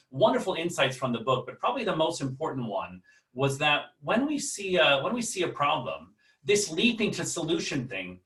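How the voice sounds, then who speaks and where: A man's voice: on the high side, fairly bright tone, far from the mic. A man with an American accent giving an online lecture in a casual way, with many fillers and restarts, and putting questions to his audience. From United States. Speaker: webinar lecturer. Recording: roomy sound, voice a bit off-mic.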